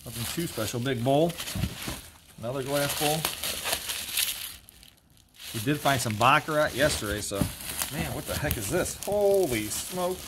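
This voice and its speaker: A man, an auctioneer, giving casual, joking commentary while unboxing, with excited exclamations. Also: mid-range voice, normal speed, long pauses. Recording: noisy background with crinkling.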